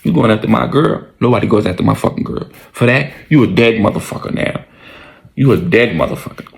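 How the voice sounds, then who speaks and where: A man voicing a cruel, possessive killer who sneers threats in a low, gravelly voice. Deep and rough, every line comes out as a taunt. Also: animated, fairly quick. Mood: menacing. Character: menacing male serial killer, possessive and cruel.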